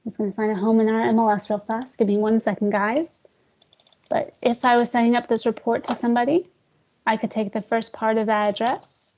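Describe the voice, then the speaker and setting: A woman leading a screen-share software tutorial for real estate agents, talking casually, calling her listeners "guys" and joking about slow screens. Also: a little high, little pitch movement, poor audio. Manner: chatty, addresses audience as guys, jokes about glitches.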